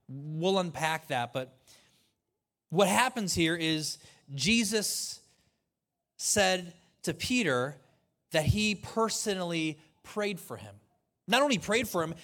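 High-voiced man preaching conversationally. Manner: conversational, animated reading of scripture with asides. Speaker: pastor. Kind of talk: sermon.

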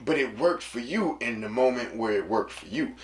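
A man talking casually to listeners in an animated, slangy way, acting out quotes in a lower voice. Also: moderate pace, roomy sound.

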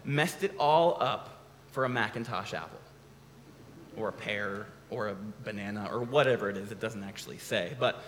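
A man's voice: on the low side, normal speed, fairly bright tone, slight background noise. A man giving a casual, conversational sermon, often restarting his sentences. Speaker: preacher. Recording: long hall reverb.

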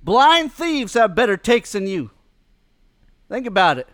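A podcast host putting on a relaxed comedian with a mock southern drawl, roasting people with jokes and frequent laughs. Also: male voice, sits high, measured pace, no room sound, clean studio sound, exaggerated voice.

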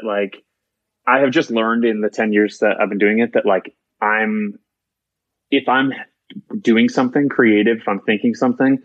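Podcast guest, male, low voice, rambling and profane, dull dry recording. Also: dry recording. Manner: rambling, swears freely, repeats "like". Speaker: musician guest. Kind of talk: casual podcast chat.

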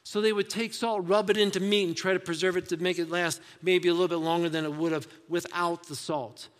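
A man's voice: high voice, level tone, fairly quick, long reverb tail. A man preaching a sermon in a conversational way, asking the congregation rhetorical questions. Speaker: pastor.

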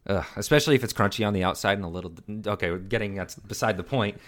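A man with a very low voice talks in a casual podcast chat, growing excitable and gushing as he goes. He repeats words and phrases, stumbling over himself when he gets carried away. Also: fast talker. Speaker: podcast co-host.

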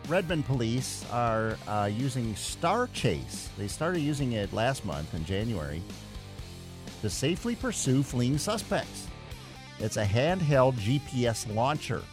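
A man's voice: mid-range voice, very animated, unhurried, music in the background. A man hosting a call-in radio show, thinking aloud in a casual, rambling way with plenty of fillers and restarts. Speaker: radio talk show host. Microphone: studio microphone.

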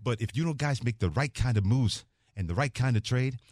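A man's voice: medium pitch, brisk, dry recording. A man co-hosting a sports radio show in a studio, telling news with playful, laughing energy. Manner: animated, laughing, playful storytelling. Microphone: studio microphone.

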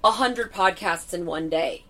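A woman's voice: fairly low pitch, measured pace, bright, forceful tone. Brash, profane woman podcast host. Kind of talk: casual chat.

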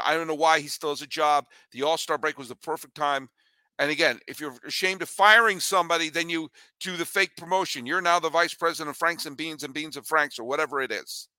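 Animated bright-voiced sports podcast host. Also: male voice, fairly high pitch, no room sound. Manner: animated, ranting, joking. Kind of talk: energetic sports talk with ad read.

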